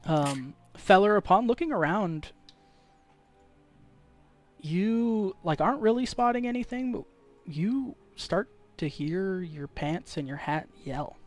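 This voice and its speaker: A man's voice: high-pitched, animated, takes it slowly, a little mellow, faint music behind. A young man narrating as game master for a tabletop game, in a casual way with many fillers.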